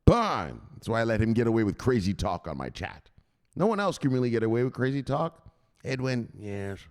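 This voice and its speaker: Profane, wildly animated male crypto host. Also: mid-range voice, fairly quick. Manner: profane, excitable, shouting "bang!" often. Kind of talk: livestream chat with viewers.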